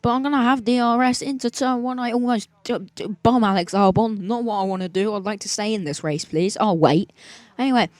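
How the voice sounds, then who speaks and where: A man's voice: high voice, a little fast, no echo. Joking young guy narrating racing. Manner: joking, self-mocking and sarcastic. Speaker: gaming video creator. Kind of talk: narrated racing game commentary. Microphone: desk mic, sometimes speaking off-mic.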